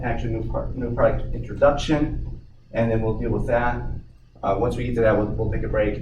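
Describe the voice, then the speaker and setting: Man giving a rambling workshop talk. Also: mid-range voice. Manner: rambling with frequent restarts and light joking. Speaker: software implementation trainer. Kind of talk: workshop presentation. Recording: echoey room, distant mic, faint noise.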